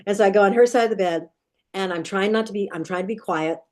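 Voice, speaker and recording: Speaking quickly in a darkish, mid-pitched voice, a middle-aged woman brought on as a dream expert narrates a vivid childhood nightmare during an interview. Her earnest telling is marked by frequent restarts.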